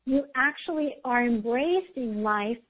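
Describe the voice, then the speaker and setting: A woman's voice: fairly high pitch, animated, measured pace, a little hiss or hum. A woman host giving intuitive spiritual readings in a soothing, guiding way, often checking in with "okay?", over a tinny line. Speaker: intuitive reader, show host.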